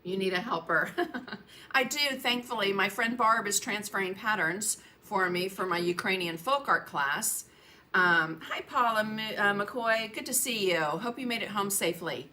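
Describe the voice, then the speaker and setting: A woman's voice: mid-range voice, a little slow, pushed and bright. Chatty woman hosting a painting livestream. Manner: chatty, greets viewers by name, laughs often. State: coughing, frog in her throat. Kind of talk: casual livestream chat. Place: home painting studio.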